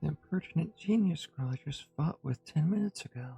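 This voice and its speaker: A male streamer reading a visual novel aloud in the first person, with tense, halting delivery. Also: a little high, animated, gravelly, mellow, slightly rough, muffled recording, soft background music.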